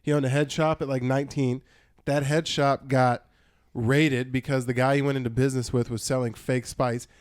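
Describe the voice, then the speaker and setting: A young man tells a long, meandering story on a podcast, swearing freely and restarting his sentences. His voice sits at an ordinary middle pitch. The sound is close and completely dry, with no room around it. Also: level tone, moderate pace, smooth, no echo. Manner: rambling, swears a lot, restarts often. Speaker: podcast co-host. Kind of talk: casual podcast chat.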